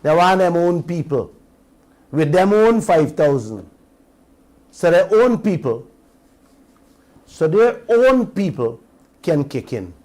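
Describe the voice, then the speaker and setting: A man's voice: on the high side, lively intonation, unhurried, long pauses, a little mellow. A Guyanese man hosting a radio talk show, giving an impassioned commentary full of rhetorical questions to his listeners and slipping between standard English and creole.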